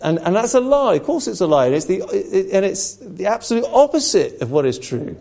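A man's voice: sits high, big pitch swings, brisk, creaky, warm tone. A man preaching a sermon, impassioned and rhetorical, slipping into mocking asides.

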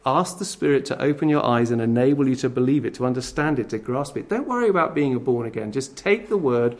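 A man's voice: mid-range voice, lively intonation, fast talker. Emphatic man preaching. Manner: emphatic, direct, speaks to the listeners in commands. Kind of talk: sermon.

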